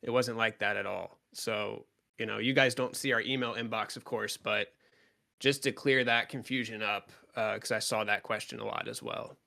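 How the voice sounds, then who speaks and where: A man's voice: fairly low pitch, steady tone, normal speed, creaky, pushed and bright. A man answering fans in a live Q&A as a club co-owner, talking frankly and casually with lots of fillers.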